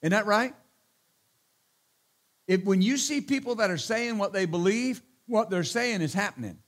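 A man preaches in a notably high voice, punching his points with hallelujahs and amens. He is a middle-aged pastor who slips into teasing asides before returning to the sermon. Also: lively intonation, normal speed. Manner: emphatic, repeats hallelujah and amen, joking asides.

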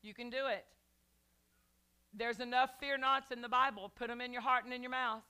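A woman pastor preaches with a high, bright voice. Her delivery is smooth and emphatic, full of repetition and direct calls to her listeners. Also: steady tone, normal speed. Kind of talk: sermon.

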